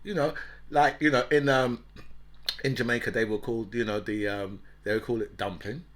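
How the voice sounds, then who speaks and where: A man's voice: medium pitch, steady tone, normal speed, a bit bright. A man hosting a casual monologue, rambling, laughing often and tagging "right?" onto his sentences. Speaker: talk show host.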